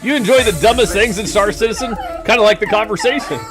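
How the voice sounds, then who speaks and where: A man's voice: sits high, fast, music in the background. A man streaming a game and chatting casually with viewers, rambling and poking fun at himself. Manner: rambling, self-deprecating, jokey. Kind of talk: casual live-stream chat.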